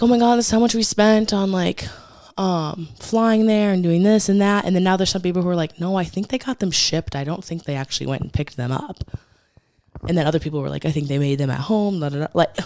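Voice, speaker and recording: A woman's voice: lowish voice, a little fast, darkish tone, no echo, studio quality. Chatty gossiping woman podcast host. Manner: chatty gossipy storyteller, swears freely. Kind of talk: casual chat.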